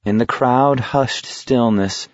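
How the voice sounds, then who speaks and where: A man reads an audiobook in a slow, deliberate, steady voice. The recording is close and dry, with no room sound at all. The sound is somewhat dull and lo-fi. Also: medium pitch, no room sound. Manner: measured, steady reading. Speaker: narrator. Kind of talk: audiobook narration.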